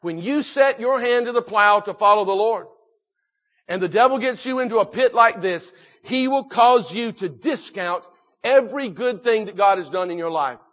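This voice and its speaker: High-voiced emphatic male preacher, lo-fi. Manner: emphatic preaching with repetition, rising and dropping loudness. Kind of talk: sermon. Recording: dull lo-fi recording.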